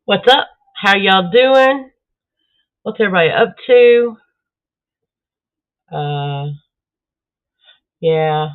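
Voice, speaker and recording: A woman's voice: medium pitch, very slow, pauses often, clear, resonant tone. A woman from Southeast Texas with a Texan accent, ranting bluntly and swearing freely in a casual live stream. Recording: tinny phone-like audio.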